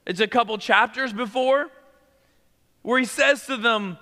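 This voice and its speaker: A man preaching a sermon as pastor, talking conversationally and sinking to a hushed near-whisper for emphasis. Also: very high-pitched, a little slow, long reverb tail.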